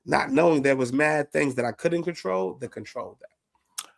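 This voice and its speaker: A man hosting a casual interview podcast, talking in heavy slang and giving quick shout-outs. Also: a little high, creaky. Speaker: podcast host.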